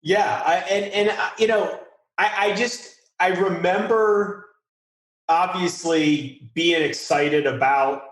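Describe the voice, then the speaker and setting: A man hosting a podcast in relaxed, casual chat, often pausing with fillers. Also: high voice. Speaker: podcast host. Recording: roomy sound with faint music.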